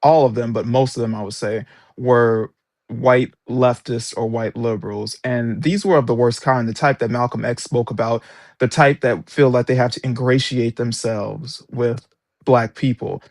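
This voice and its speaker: A man's voice: mid-range voice, steady tone, normal speed, darkish tone, dry recording, studio quality. A man who is an author and former substitute teacher, giving an interview and telling his story with emphatic, indignant energy. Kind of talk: interview guest recounting experiences.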